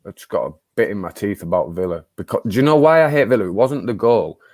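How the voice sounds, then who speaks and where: Deep-voiced man hosting casually. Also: lively intonation, fast, a little mellow, dry recording, studio quality. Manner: loose and rambling, with repeated words and stop-start phrasing. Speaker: host running the prediction round. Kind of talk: casual chat among football fans.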